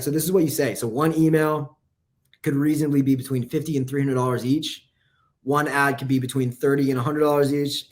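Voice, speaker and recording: A man coaching copywriting in a casual, profane live lesson. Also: mid-range voice. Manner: casual, profane, fast-talking.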